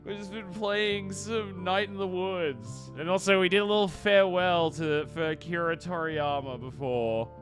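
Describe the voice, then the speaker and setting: A man hosting a live stream and chatting casually about movies. He rambles and swears freely, with animated reactions. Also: high voice, normal speed, few pauses, over music.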